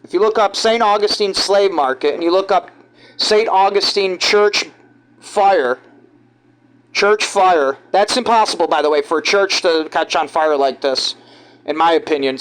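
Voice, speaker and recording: High-voiced ny guy rambling about clips, stops and restarts a lot. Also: low-quality recording. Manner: halting, restarts often, conspiratorial. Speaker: vlogger. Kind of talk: rambling commentary over clips.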